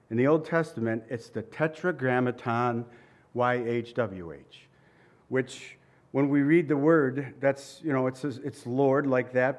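A man preaching a sermon with emphatic repetition and light asides, now and then chuckling. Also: darkish tone. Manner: emphatic, repeats phrases, shifts pitch for quoted lines.

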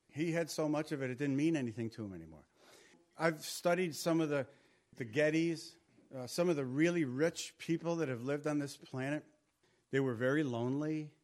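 A middle-aged male pastor preaching a sermon in a conversational way, repeating words for emphasis. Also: on the high side.

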